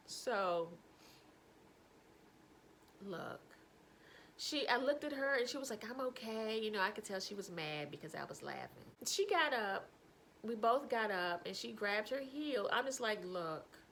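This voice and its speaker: A woman spins a casual story to camera. Her pitch leaps and dips as she gets carried away, slipping into whispers and laughter. A faint hiss sits under the voice. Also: slow pace, pauses often, poor audio. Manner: animated, breaks into helpless laughter, drops to whispers. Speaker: vlogger telling a personal story.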